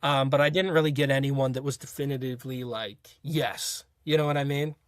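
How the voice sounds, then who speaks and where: A man's voice: mid-range voice, fairly even intonation, fairly quick, no room sound. A young man, a college football player, telling his story as an interview guest in a rambling, casual way full of fillers and restarts. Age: young adult. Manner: rambling, filler-heavy retelling with frequent restarts.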